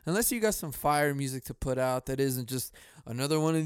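A man's voice: medium pitch, expressive, brisk, clear, resonant tone, no room sound, studio quality. A young man hosting his own podcast in a casual, rambling, profane rant, laughing often. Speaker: podcast host. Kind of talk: casual ranting podcast monologue.

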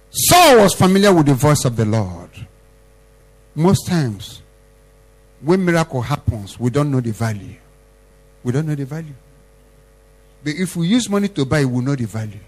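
Male pastor, husky voice, forceful exhortation with repeated lines, loud bursts and quiet drops. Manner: exhorting, repetitive, swings between loud emphasis and soft low lines. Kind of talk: sermon.

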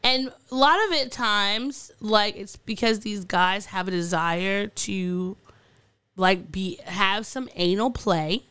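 Taking things slowly, a woman with a medium-pitched, sharp yet smooth voice co-hosts a podcast with no echo around her. Her casual chat about odd news stories is giggly and rambling, peppered with fillers and restarts.

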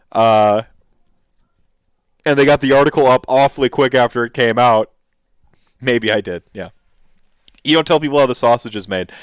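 Male host, casual commentary; smooth, resonant, dry; eager and rambling. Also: mid-range voice, no echo. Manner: enthusiastic, rambling with restarts and fillers. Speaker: host reacting to miniature reveals.

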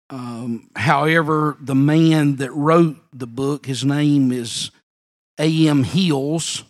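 High-voiced man preaching slowly. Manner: measured, deliberate delivery with repeated words. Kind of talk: sermon. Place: church service.

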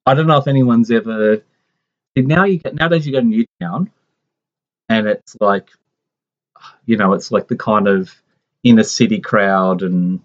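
A man in his forties telling a family story in a casual, rambling way, full of restarts and asides. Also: fairly low pitch. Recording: dull lo-fi sound.

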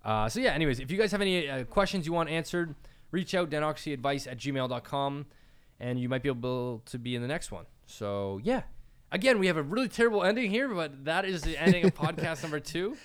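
A man's voice: a little high, expressive, fairly quick, smooth. Young canadian guy hosting a podcast, rambly storyteller, says "like" a ton, right up on the mic. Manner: rambling storyteller, lots of "like" fillers. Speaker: podcast host. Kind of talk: casual podcast chat. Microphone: close podcast mic.

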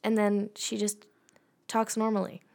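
A young woman co-hosting a podcast, telling an animated, mocking rant in casual chat. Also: mid-range voice, a little slow, gravelly, slight background noise. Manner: ranting, mocking, animated retelling. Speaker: podcast co-host.

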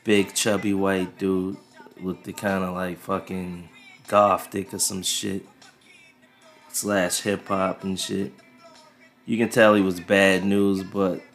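A podcast host, a man in his thirties, with a very deep voice. He tells a rambling story in a laid-back, profane way on a desk mic. Faint music plays underneath. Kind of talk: casual storytelling monologue. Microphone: desk USB mic.

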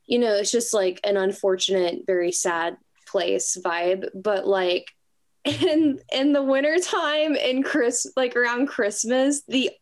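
A woman's voice: a little high, slow pace. A woman musician chatting in an interview, talking loosely with lots of fillers and frequent laughs. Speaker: musician guest. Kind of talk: casual interview chat.

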